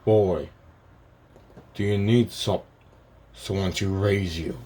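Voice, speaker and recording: A man putting on the voice of a stern, gruff warrior god who talks like a commanding father. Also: low-pitched, fairly even intonation, slow pace, dark tone, slight background noise.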